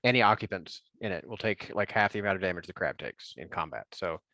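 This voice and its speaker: A man's voice: deep voice, expressive, fast talker, bright, forceful tone, no echo. A man playing a tabletop game, describing his character's gear in a rambling way, full of fillers and restarts. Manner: rambling, filler-heavy with many likes and ums. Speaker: player.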